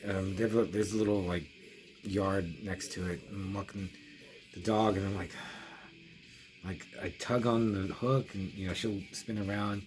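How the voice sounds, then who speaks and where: A man's voice: low-pitched, fairly even intonation, a little slow. A middle-aged man casually telling a long story for his horror review vlog, rambling with many restarts and quoted asides. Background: music.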